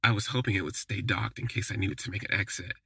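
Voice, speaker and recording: A man with a low, husky, forceful voice tells a story in a chatty, wry way and leans on casual fillers. The sound is dry and close, with no room around it. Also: fairly even intonation, fast talker, no echo. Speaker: podcast host. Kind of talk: casual first-person storytelling.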